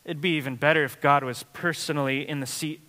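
A male pastor delivers a sermon in a relaxed, conversational way, peppering his stories with fillers. His voice sits a touch high and rings bright. The sound carries a long reverb, like a large church sanctuary. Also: fast. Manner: conversational, storytelling with frequent fillers.

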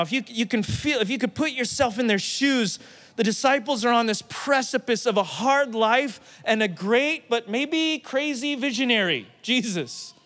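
A man's voice: extremely high pitch, a bit bright, big-room sound. A man, a pastor, giving a casual, joking sermon that retells scripture in everyday slang.

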